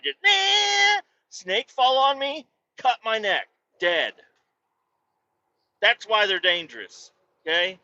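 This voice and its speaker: A man hosting a podcast, telling a profane, animated story and acting out voices with sudden loud yelps. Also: high-pitched, dull audio. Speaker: podcast host. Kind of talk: casual storytelling monologue.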